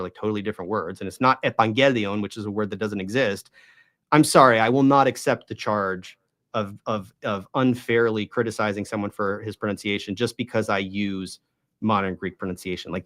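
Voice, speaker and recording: A man's voice: fairly low pitch, fairly bright tone. Emphatic, argumentative man explaining. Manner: emphatic and argumentative, checking in with "right?". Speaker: host of a Bible study channel. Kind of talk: explanatory monologue on Greek pronunciation.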